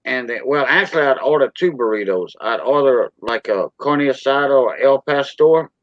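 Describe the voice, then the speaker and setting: A Cajun man from South Louisiana hosting a live stream and chatting loosely, tossing in lots of "you know" as he rambles. His voice sits at an ordinary middle pitch. The recording is dry and close, with no room sound. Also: expressive, moderate pace, dry recording, dull audio. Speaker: stream host. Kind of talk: casual chat on a live stream.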